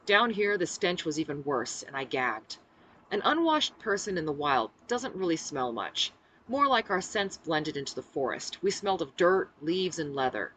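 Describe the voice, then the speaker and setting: Woman narrator, low pitch, bright tone, animated reading, author reading her book aloud. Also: slight background noise, rough recording. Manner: expressive, acts out the dialogue. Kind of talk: audiobook-style first-person narration.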